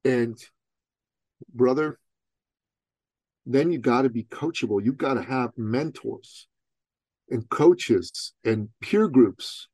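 A man's voice: medium pitch, lively intonation, slow, pauses often, darkish tone, no room sound. Punchy middle-aged man telling a story. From Iran. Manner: emphatic, punchy rhetorical questions. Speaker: guest entrepreneur and coach. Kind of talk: personal storytelling in an interview.

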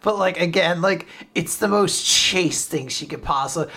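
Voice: mid-range voice, moderate pace, pushed and bright. A co-host on a manga podcast, gushing enthusiastically about a chapter, swearing casually and acting out quoted lines.

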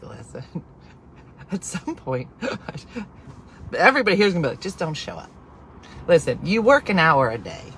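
A woman's voice: low-pitched, rough recording. Lady ranting on a live stream, voice swooping all over, faint car hum behind, exasperated. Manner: exasperated, animated, jumps between whispered asides and loud outbursts. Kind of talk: casual storytelling rant.

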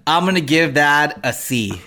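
A man's voice: on the high side, lively intonation, measured pace, sharp tone. A man co-hosting a casual podcast, joking and handing out grades. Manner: joking, laughing while talking. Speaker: co-host giving grades.

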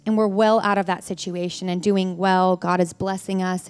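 A woman in her forties, a ministry leader, sharing a candid, expressive personal testimony in a sermon, full of "like" and "oh my gosh". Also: medium pitch, no echo.

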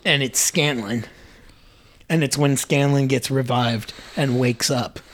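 A young man co-hosting a casual podcast, excitedly retelling scenes, swearing freely and acting out the quotes. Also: mid-range voice, slow pace. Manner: excited, profane, acts out quotes. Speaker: podcast co-host.

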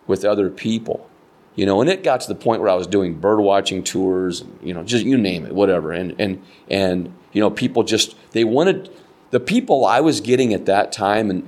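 A man's voice: on the low side, vocal fry. An older American man, a kayak fishing guide, telling stories in a casual interview and acting out the voices of people he quotes. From United States. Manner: animated storyteller, acts out quoted voices.

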